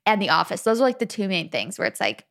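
A woman's voice: medium pitch, very animated, fast, creaky, fairly bright tone. A young woman from Arizona co-hosting a casual chat podcast, giggly and chatty as she tells stories. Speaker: podcast co-host.

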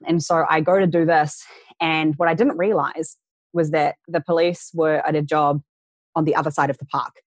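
A young woman with a low voice recounts her own past in an interview, earnest and open. She slips into the voices of the people she quotes. The sound is dry and close to the mic. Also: fairly even intonation, moderate pace, dry recording. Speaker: interview guest. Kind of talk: personal storytelling in an interview.

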